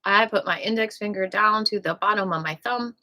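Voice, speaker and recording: A woman leading a casual qi gong class in a playful, joking way, with soft whispered cues for breathing. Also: medium pitch, fairly quick. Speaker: qi gong instructor.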